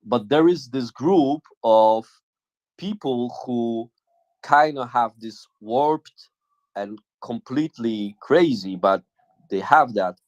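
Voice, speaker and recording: A man co-hosting a live audio chat, speaking haltingly and searching for his words as he thinks aloud. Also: medium pitch, expressive, lo-fi sound. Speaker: co-host.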